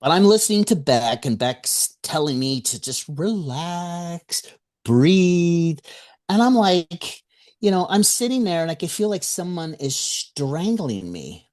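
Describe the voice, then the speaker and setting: A man, an author and guest on a radio interview, telling a story in an animated way, acting out the voices he quotes and chuckling between remarks. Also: fairly high pitch, slow pace.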